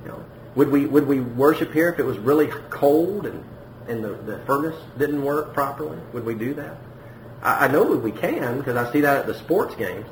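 A man preaching a sermon to his congregation in a conversational way, often repeating himself, climbing to emphatic peaks and dropping low. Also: expressive, moderate pace. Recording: echoey room with faint background noise.

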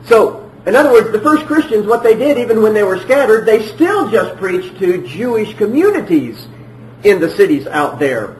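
A man preaching a sermon emphatically, repeating phrases and swinging between loud and hushed. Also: high-pitched, expressive, moderate pace, echoey room, slight background noise, rough recording.

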